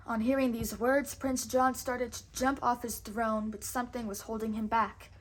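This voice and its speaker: A woman reading a storybook aloud with expressive, measured narration. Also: fairly high pitch.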